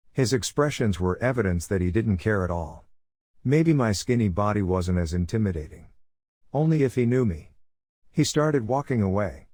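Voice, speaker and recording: Low-voiced man narrating a horror story. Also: animated, moderate pace, a little mellow, dry recording, clean studio sound. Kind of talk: scripted first-person horror narration.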